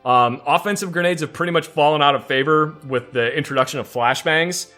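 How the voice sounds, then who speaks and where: A man's voice: a little high, brisk, sharp tone, faint music behind. A man from the United States co-hosting a game playthrough, explaining things at length in casual commentary with many fillers and restarts.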